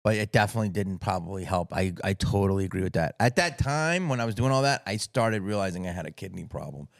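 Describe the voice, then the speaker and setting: A man's voice: deep voice, fast talker, creaky, dry recording. A middle-aged man sits as a podcast guest, spinning stories with swearing and big swings of energy. His voice sounds close and dry, with no room around it. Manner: profane, animated storyteller. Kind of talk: casual storytelling interview.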